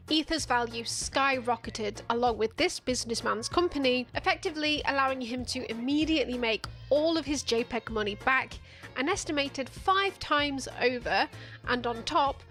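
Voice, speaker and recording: Sarcastic woman narrating over music. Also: sits high. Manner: sarcastic, profane, deadpan jokes. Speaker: video essayist. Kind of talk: satirical commentary narration.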